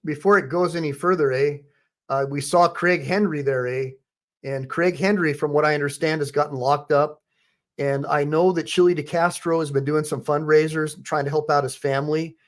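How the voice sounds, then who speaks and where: A man hosting a live stream with rambling commentary, full of fillers and restarts. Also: fairly high pitch. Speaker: host, attorney.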